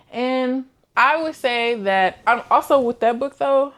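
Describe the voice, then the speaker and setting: Young woman, casual book-chat vlogger, lively slangy storyteller. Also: high voice, measured pace, hardly any pauses. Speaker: book reviewer.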